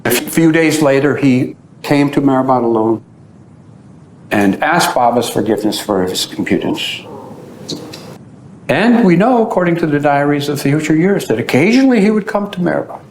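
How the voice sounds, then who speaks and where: A man giving a storytelling talk, acting out the voices of the people he describes. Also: normal speed. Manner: animated storyteller who acts out quoted voices. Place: at the site being described. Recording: roomy echo with faint low rumble.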